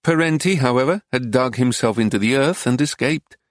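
A man reading a travel narrative aloud in a measured, unhurried audiobook style on a close mic. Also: mid-range voice, no echo. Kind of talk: scripted narration.

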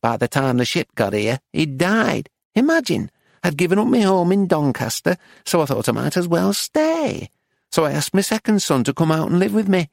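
A man voicing a chatty little old Englishwoman with a Northern English accent in an audiobook reading, matter-of-fact and bright. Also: fairly high pitch, big pitch swings, normal speed, gravelly, dry recording, studio quality, pitched above the performer's own voice, exaggerated voice. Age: older.

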